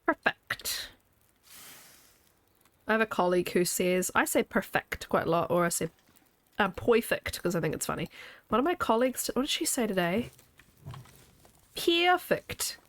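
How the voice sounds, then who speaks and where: A woman's voice: mid-range voice, animated, moderate pace, pauses often, no room sound. A woman game streamer chatting casually with her viewers as she plays, playful and laughing often. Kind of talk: casual chat while playing a video game.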